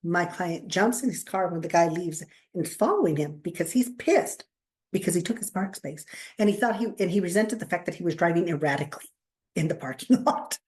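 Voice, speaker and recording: Woman telling lively anecdotes. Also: fairly low pitch, fairly quick. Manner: animated storyteller, acts out quotes, laughs often. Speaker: podcast co-host, counselor. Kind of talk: casual chat, storytelling.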